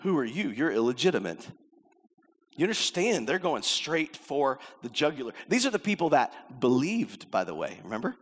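A man's voice: medium pitch, very animated, moderate pace. A middle-aged male pastor preaching a sermon in a conversational way, acting out quoted lines as he tells a story. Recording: long hall reverb.

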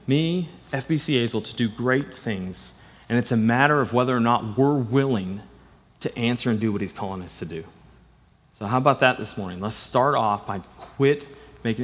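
A man's voice: mid-range voice, breathy edge. A middle-aged man preaching a conversational sermon to his church, earnest and direct, weaving in personal stories. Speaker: pastor. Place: church sanctuary. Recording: long church hall reverb.

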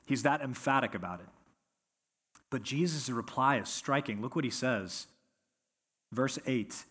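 A man preaching a sermon as pastor, earnest and emphatic, slowing down to stress key words. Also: medium pitch, lively intonation, a bit bright, husky.

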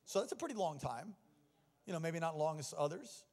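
A middle-aged man preaching a sermon, telling personal stories and moving from hushed confession to stirring exhortation. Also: a little high, sing-song, a little fast. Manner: personal storytelling that swings from quiet to exhorting. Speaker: pastor. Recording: long reverb of a large hall.

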